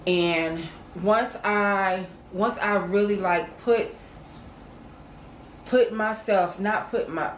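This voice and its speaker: A woman's voice: medium pitch, very slow, reverberant, a little hiss or hum, rough recording. Earnest woman telling her testimony. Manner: earnest storytelling, acts out quoted voices, addresses viewers as y'all. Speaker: co-host. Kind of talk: casual testimony chat.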